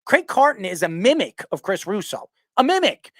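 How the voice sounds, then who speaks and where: A man hosting a sports podcast who rants loudly and passionately, arguing hard and often raising his voice. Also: high-pitched, very animated, moderate pace, no room sound. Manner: loud, passionate, yells his arguments. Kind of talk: heated sports talk rant.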